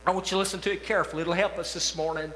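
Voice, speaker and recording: Preacher man, high bright voice, impassioned sermon, booming church reverb. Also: steady tone, racing. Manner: impassioned preaching that swells to shouts. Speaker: pastor. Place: church sanctuary. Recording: echoey church hall with long reverb.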